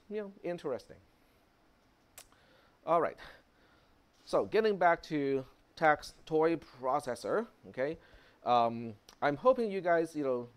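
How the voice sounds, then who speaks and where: A male instructor giving a classroom lecture in an easygoing, conversational manner. He wanders between points with frequent fillers and asks "okay?" to check in with students. His voice sits at an ordinary middle pitch. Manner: conversational, many fillers and tag questions. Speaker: college instructor.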